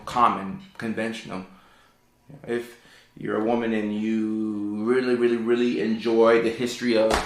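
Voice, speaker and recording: A man hosting a casual live stream, reading viewer questions and explaining neurodivergence, with lots of fillers and repeated words. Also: roomy sound. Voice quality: calls his own voice sultry and low. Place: indoor home room.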